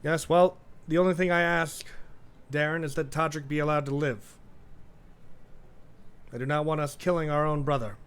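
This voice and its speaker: A man's voice: on the high side, fairly even intonation, normal speed, pauses often, fairly bright tone, clear, resonant tone, pitched above the performer's own voice. A man voicing an earnest young noble who formally pleads for his brother's life. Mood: pleading.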